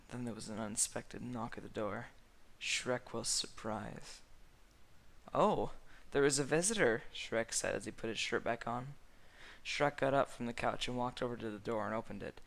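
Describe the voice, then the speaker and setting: A man narrating a comic fan-fiction reading in a deadpan way, stumbling over words. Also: medium pitch, creaky.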